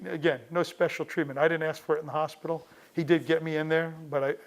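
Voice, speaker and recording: A middle-aged man recalling his father in casual, anecdotal storytelling, often restarting his sentences. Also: medium pitch. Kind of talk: personal storytelling.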